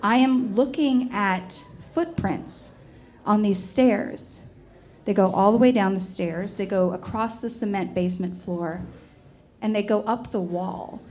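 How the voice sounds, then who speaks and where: A woman performing a personal storytelling piece about a haunted house, animated and emphatic, slowing down for the dramatic moments. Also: mid-range voice, a little hiss or hum.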